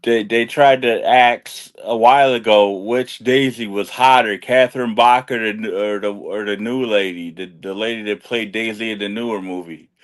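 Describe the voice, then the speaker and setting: A man's voice: on the low side, steady tone. A young man co-hosting a podcast, rambling with restarts and cursing in casual banter. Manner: rambling, profane, halting restarts. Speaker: podcast co-host.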